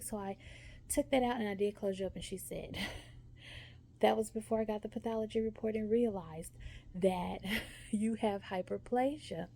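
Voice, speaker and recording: A woman's voice: medium pitch, moderate pace, vocal fry, warm tone. A woman giving a chatty vlog update, telling a story and talking straight to her viewers. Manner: chatty, storytelling, says y'all and okay often. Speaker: vlogger. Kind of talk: casual talking-head update.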